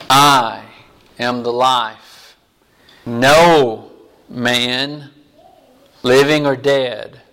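Guy giving a sermon, kinda high bright voice, reads bible verses out slow. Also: clean tone. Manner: reads scripture aloud, slow and deliberate. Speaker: preacher.

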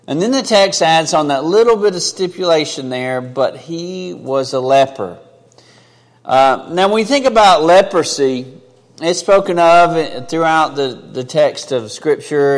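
A man preaching a sermon in an earnest, conversational way, rising for emphasis and dropping low and quiet for asides. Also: moderate pace, long reverb tail. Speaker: pastor.

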